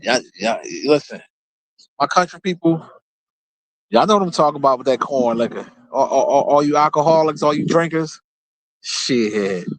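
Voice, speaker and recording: A man talking in a loose, rambling monologue that is full of swearing and easygoing asides. His voice sits a bit high for a man. The sound is dry and close to the mic. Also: lively intonation, normal speed, no room sound. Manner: loose, profane, rambling, laid-back. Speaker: show host. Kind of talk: casual storytelling monologue.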